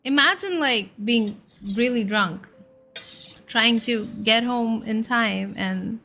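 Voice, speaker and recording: A woman's voice: on the high side, slow, sharp tone, soft background music. A young woman streaming, chatting casually and playfully with her chat and stumbling over tongue-twisters.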